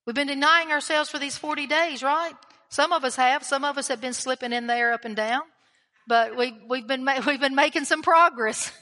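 A woman's voice: sits high, fairly even intonation, normal speed, sharp tone. A woman preaching a sermon in a church, emphatic and conversational, asking her listeners questions. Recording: long hall reverb.

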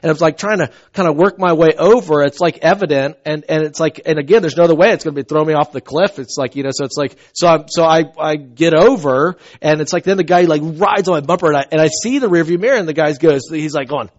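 Pastor guy telling stories in his sermon, goes quiet then loud, kinda muffled recording. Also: fairly high pitch, fast, few pauses. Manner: animated storytelling, swings from soft asides to loud outbursts. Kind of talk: conversational sermon. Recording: dull lo-fi recording.

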